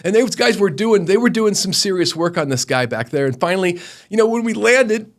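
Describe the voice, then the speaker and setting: A middle-aged man, a company founder, telling stories earnestly in an interview, animated, often restarting his sentences. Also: high-pitched, a little fast. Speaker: guest, roofing company founder. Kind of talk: conversational interview storytelling.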